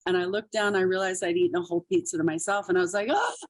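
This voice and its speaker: A woman's voice: fairly low pitch, steady tone, racing, no room sound. A middle-aged woman comedian telling stories in a casual interview, laughing often and acting out quotes. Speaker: podcast guest, comedian.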